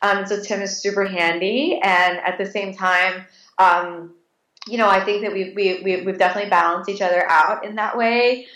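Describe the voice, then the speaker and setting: A woman's voice: mid-range voice, steady tone, normal speed, fairly bright tone. A woman in her late thirties, an interview guest telling stories casually and animatedly, with many restarts and fillers. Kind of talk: casual conversational storytelling. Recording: echoey room.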